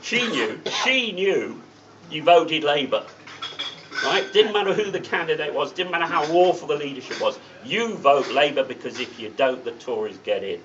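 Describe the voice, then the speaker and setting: A man's voice: a little high, big pitch swings, normal speed. A middle-aged man giving a political speech at a meeting, blunt and anecdotal with sardonic asides. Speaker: guest speaker at a political meeting. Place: meeting room. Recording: distant mic, dull sound, faint hiss.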